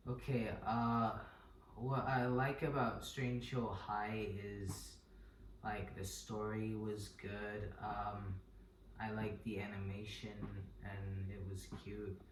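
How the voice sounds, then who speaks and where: A man appearing as a guest, halting and full of ums. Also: fairly low pitch, little pitch movement. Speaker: guest friend. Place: in a house. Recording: roomy, from a distance, with noticeable noise.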